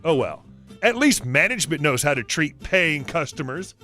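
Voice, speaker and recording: Brief: man reading stories aloud, high, very animated pitch, faint guitar music under him. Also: normal speed. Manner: lively storytelling. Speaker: story narrator.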